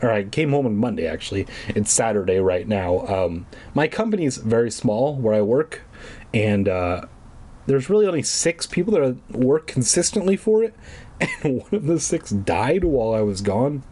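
A man's voice: medium pitch, sing-song, moderate pace, dark tone, breathy edge. A young man reading a children's book aloud for comedy, breaking off into sarcastic, profane, rambling asides.

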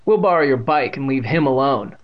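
A man's voice: mid-range voice, animated, brisk, lightly acted. A man reading aloud and voicing a pair of big, mocking bully boys with a sneering delivery, on a dull lo-fi recording.

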